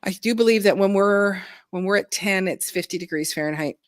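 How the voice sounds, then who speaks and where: A woman's voice: mid-range voice, a little fast, dry recording. A woman from Canada hosting a casual gardening live stream, chatting, greeting viewers and reading out their comments. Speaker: gardening show host.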